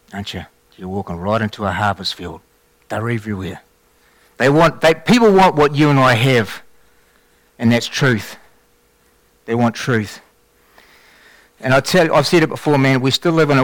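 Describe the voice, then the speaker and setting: A man telling a faith testimony in a sermon, with animated storytelling and frequent restarts. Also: medium pitch, no room sound. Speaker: lay preacher giving testimony.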